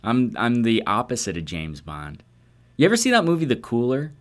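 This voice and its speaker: A man's voice: mid-range voice, wildly swooping pitch, normal speed. A man co-hosting a comedy podcast, telling a self-deprecating story in casual chat with hesitant fillers. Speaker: podcast co-host.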